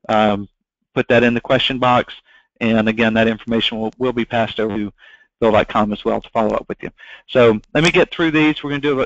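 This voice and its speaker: A man's voice: medium pitch, dry recording. A man moderating a live webinar question session, courteously reading audience questions to the presenter. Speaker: webinar host. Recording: dull, dry, lo-fi webinar audio.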